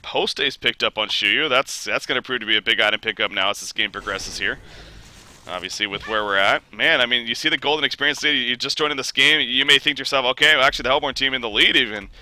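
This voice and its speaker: A young man casting an esports match, his voice worn hoarse from being under the weather, climbing into shouts when fights break out. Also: medium pitch, fast. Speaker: esports caster. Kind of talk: play-by-play esports commentary.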